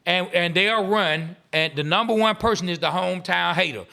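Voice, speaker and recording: A man from Atlanta co-hosts a casual sports talk show. His voice sits high and sounds bright. He laughs often and stumbles over repeated words as he restarts his points. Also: fairly quick, gravelly. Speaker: podcast co-host.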